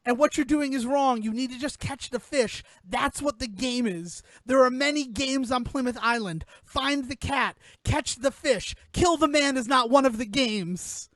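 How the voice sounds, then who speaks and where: High-voiced man recapping a film. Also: no echo. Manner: animated storyteller, acts out characters in lowered voices. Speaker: podcast host recapping a film. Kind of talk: casual comedic film recap.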